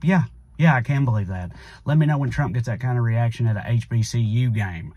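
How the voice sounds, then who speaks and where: A man's voice: medium pitch, fairly quick, darkish tone, slightly rough, dry recording, highs cut off. A man with a Southern US accent delivering a sarcastic satirical comedy monologue as a channel host, drawling with punchy asides.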